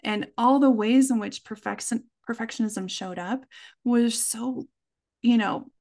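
A woman, a mother, telling a personal story in a conversation, earnest and reflective, slowing down for emphasis. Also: fairly high pitch, creaky, darkish tone. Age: adult with children. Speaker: podcast guest.

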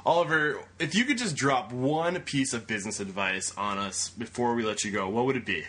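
Male podcast host, husky tone, enthusiastic and encouraging. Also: medium pitch, lively intonation, sharp tone. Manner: enthusiastic, encouraging, quick to laugh. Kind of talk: podcast interview.

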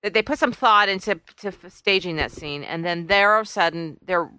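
A woman co-hosting a casual podcast, animated and exclaiming as she talks. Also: lowish voice, fairly quick, clean tone, no echo. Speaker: podcast co-host.

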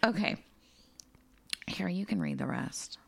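A woman's voice: lowish voice, animated, a little slow, creaky. A woman co-hosting a podcast in casual, sweary, jokey chat, reading listener messages aloud. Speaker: podcast co-host.

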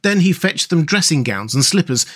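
A man hosting a story podcast and narrating a classic children's novel in a measured, gentle read-aloud manner. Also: a little high, expressive, husky. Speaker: host and storyteller.

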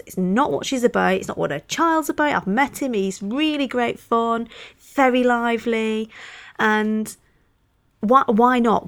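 A woman's voice: fairly high pitch, no echo. A woman in her thirties hosting a podcast, talking with passion in a casual, chatty way and laughing often. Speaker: podcast host reviewing knitting patterns. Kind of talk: casual solo podcast chat.

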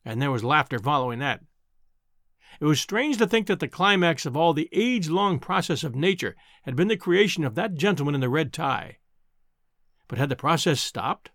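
An audiobook narrator reads a classic novel aloud, measured and expressive. His voice sits a little high with wide pitch swings, and the recording is dry and close with no room sound or echo.

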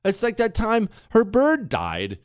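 A man's voice: high voice, slow, dry recording. Guy hosting a talk show, voice all over the place, dry studio sound. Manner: animated, laughs at his own stories. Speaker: radio talk show host. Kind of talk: casual storytelling monologue. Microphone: studio mic.

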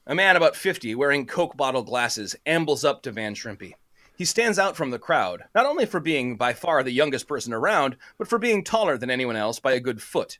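A man's voice: medium pitch, sing-song, brisk, sharp tone. A man playfully narrating a comedic story, reading it aloud with a co-reader. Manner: playful, laughs between lines.

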